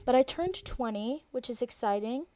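A woman's voice: a little high, lively intonation, moderate pace, mellow. Chatty young woman podcasting solo. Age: 20s. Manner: chatty, rambling, jokey asides. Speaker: podcast host. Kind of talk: casual solo podcast chat.

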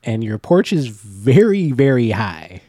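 A man with a mellow, warm voice trades jokes and teasing banter as a podcast co-host. He talks from a room at home into a microphone on a stand. The sound is dry. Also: mid-range voice, very animated, takes it slowly, no room sound. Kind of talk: casual chat.

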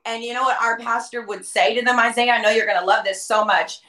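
A woman's voice: fairly high pitch, fairly even intonation, brisk, few pauses, pushed and bright, roomy sound, far from the mic. A woman guest on a podcast, talking in a fervent, emphatic preaching style and quoting scripture. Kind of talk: impassioned preaching-style conversation.

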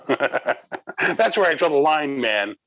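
A man's voice: on the high side, expressive, extremely slow, fairly bright tone, no room sound, poor audio. A man co-hosting a wrestling podcast in casual chat, teasing his partner with joking banter.

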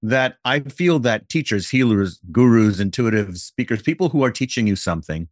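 A man hosting a podcast, talking deliberately and building ideas through playful hypothetical examples. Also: medium pitch, animated, dry recording, clean studio sound. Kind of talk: conversational podcast chat.

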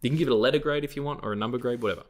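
A man co-hosting a film podcast, chatting casually in a rambling, profane way, breaking into animated rants and silly noises. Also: mid-range voice, racing. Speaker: podcast co-host.

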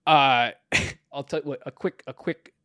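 A man's voice: mid-range voice, a little slow, sharp tone, no echo, studio quality. A young man co-hosting a comedy podcast, telling a rambling story with restarts, profanity and bursts of laughter. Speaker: podcast co-host.

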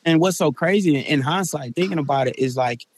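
Chill slangy guy, bit high voice, faint hiss behind. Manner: laid-back, slangy, quick reactions. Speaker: school staff member and podcast co-host. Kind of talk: casual chat.

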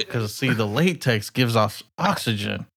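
A man co-hosting a casual podcast, laughing and swearing, relaxed and rambling. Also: mid-range voice, slow pace, gravelly. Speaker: podcast co-host. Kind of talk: casual comedic chat.

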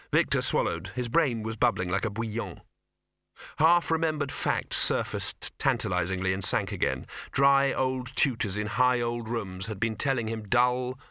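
A man reading a comic novel as an audiobook, in a measured, dry manner. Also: on the low side, bright, forceful tone, no room sound. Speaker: audiobook narrator.

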